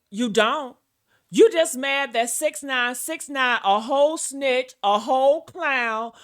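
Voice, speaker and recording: A woman's voice: high-pitched, pushed and bright. A woman ranting in a sassy, brash and profane gossip commentary, calling her listeners y'all and honey.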